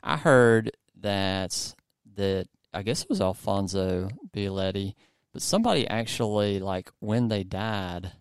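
A man hosting a podcast in a casual chat, with a low, smooth, resonant voice. He rambles through plenty of fillers and restarts, and the sound is dry and close with no room echo. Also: a little slow. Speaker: podcast host.

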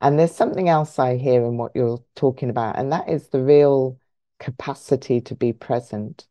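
A woman podcast host speaking in a reflective, measured way, pausing to search for her words as she responds to her guest. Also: very deep voice, warm tone, no room sound. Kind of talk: reflective interview talk. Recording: dry dull lo-fi sound.

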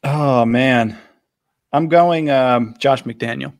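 A man's voice: mid-range voice, slow. A man co-hosting a casual sports podcast, chatting loosely and riffing through an ad read. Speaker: podcast co-host.

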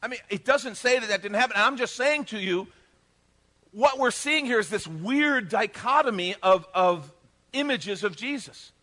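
A middle-aged man preaching with a high, lively voice that swoops up and down as he acts out each scene. His tone is bright and ringing. He jokes easily with the congregation and slips into the characters' voices as he tells the story. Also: normal speed. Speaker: pastor. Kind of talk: sermon.

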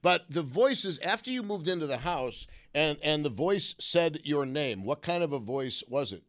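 A man's voice: fairly high pitch, animated, normal speed, a bit bright. A man hosting a call-in radio show, musing wryly and asking probing questions of callers. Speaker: radio talk show host.

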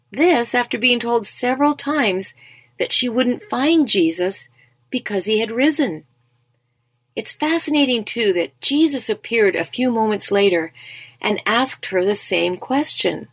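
A woman reading a scripted Bible devotional in a gentle, encouraging, measured way. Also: medium pitch, husky, no room sound. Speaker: devotional speaker.

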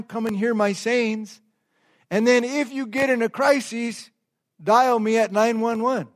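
A man preaching a sermon as pastor, calling on the congregation to repeat phrases and drawing out key words slowly for emphasis. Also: sits high. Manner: call-and-response, asks the congregation to repeat phrases. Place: church service before a congregation.

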